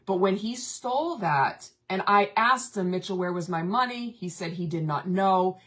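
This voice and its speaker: A woman candidly tells her own story on a casual talk show. Her voice sits at a middling pitch. She speaks in a confessional, open manner. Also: moderate pace, fairly bright tone. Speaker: co-host, family member. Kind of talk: casual chat, personal story.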